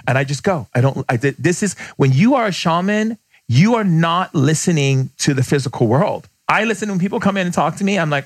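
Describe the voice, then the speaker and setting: A man, a podcast guest who is a shaman, telling stories in conversation, blunt and emphatic, often acting out the people he quotes with sudden jumps in pitch. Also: expressive, husky, no room sound. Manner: emphatic, blunt, fast bursts. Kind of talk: animated storytelling in conversation.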